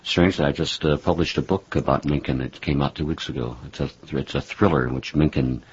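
Very deep-voiced, husky man interviewer. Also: fairly quick. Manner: hesitant, many fillers, wry. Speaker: interviewer and author. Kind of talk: conversational interview. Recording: dull lo-fi recording.

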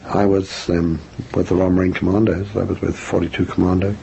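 Speaking fairly quickly in a low, flat, creaky voice with a dark tone, an older English author answers an interviewer's questions. He's reflective and self-deprecating and keeps restarting, and the radio recording is lo-fi and dull, with faint noise.

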